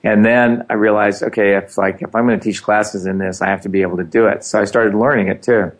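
A man's voice: fairly low pitch, steady tone, quick pace. A middle-aged man telling his story in casual conversation, animating the quoted dialogue.

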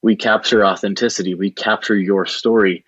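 Earnest low-voiced man telling a story. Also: fairly even intonation, moderate pace, fairly bright tone, no room sound, highs cut off. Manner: earnest, rambling, with restarts and fillers. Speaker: video production business owner, guest. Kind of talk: casual storytelling in an interview.

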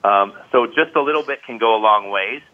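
A man's voice: lowish voice, fairly quick. A man who teaches qigong, speaking as an interview guest, enthusiastic and peppered with "you know". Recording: tinny phone-like line.

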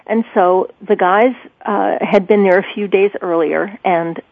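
A woman guest in an interview, recalling a story with animated swings in pitch. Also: unhurried, vocal fry, dry recording. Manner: animated, pitch leaps when quoting herself. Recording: tinny phone line.

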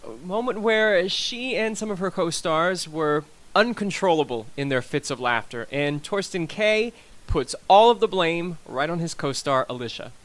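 A man's voice: fairly high pitch, expressive, normal speed, fairly bright tone. A man hosting a tribute show, narrating his script in a playful, teasing way. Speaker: host.

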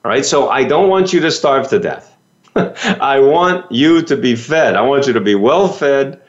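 Male business coach, animated pitch, motivational talk, rhetorical questions, slightly dull lo-fi sound. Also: a little slow. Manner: lively, rhetorical questions, folksy.

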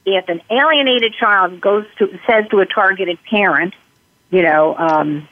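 A woman guest explaining parenting steps calmly, acting out sample lines she would say to a child. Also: medium pitch, moderate pace, no room sound. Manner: calm, explains in numbered steps, acts out sample dialogue. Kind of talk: interview answers. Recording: tinny phone-line sound.

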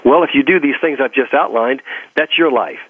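A man's voice: medium pitch, a little fast, breathy edge, no echo. An earnest man with a Texas drawl, talking like a motivational preacher who loves repetition. His voice comes through a narrow, phone-like line with a dry sound. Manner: earnest, preachy, repeats phrases for emphasis. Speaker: guest. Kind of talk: motivational interview talk.

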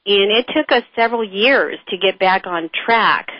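A middle-aged woman speaks as an interview guest, frank and animated as she tells her stories. Her voice sits at an ordinary pitch. The recording is dry and a little dull. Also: normal speed, no room sound. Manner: animated storyteller, frank and chatty. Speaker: author and guest. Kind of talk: conversational interview.

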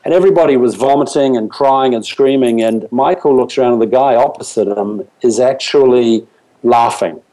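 A man's voice: mid-range voice, normal speed, dark tone, rough recording. A man speaking as a business coach on a show, telling stories earnestly and often restarting his sentences with fillers.

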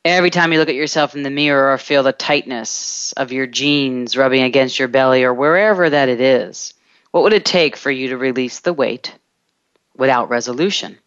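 Slow, deliberate self-help host. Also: medium pitch, fairly bright tone, clean tone, no echo, lo-fi sound. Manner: slow, deliberate, stretching words in lists. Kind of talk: reflective coaching monologue.

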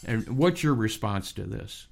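A man's voice: on the low side, expressive, measured pace, gravelly, soft background music. A man hosting a radio interview, talking hesitantly with many fillers. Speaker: radio show host.

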